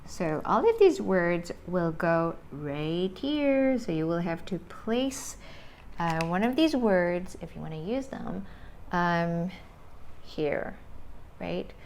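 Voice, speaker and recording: A woman gives an English lesson in a measured, unhurried voice, pitched a little low. She talks slowly and deliberately, demonstrating intonation with example questions. Faint background noise sits under the recording. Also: very animated, a little mellow. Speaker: English teacher. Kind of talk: video lesson.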